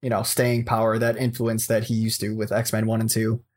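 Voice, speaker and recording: A man co-hosting a casual film discussion who weighs his opinions in a measured way. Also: lowish voice, completely flat delivery.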